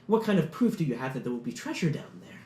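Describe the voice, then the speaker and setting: Casting: a man doing a stately, courteous ruler, raised and measured, echoey room. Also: a little high, big pitch swings, warm tone. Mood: formal. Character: formal imposing male city ruler.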